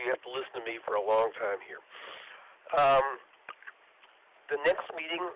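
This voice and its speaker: Man, Texan accent, radio net control, halting announcements, hissy radio signal. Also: medium pitch, a bit bright, poor audio. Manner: halting, with many fillers.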